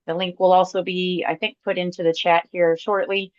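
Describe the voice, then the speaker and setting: A woman's voice: lowish voice, little pitch movement, moderate pace, no echo, highs cut off. A woman moderating a webinar over a video call, speaking casually with lots of fillers. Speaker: event moderator.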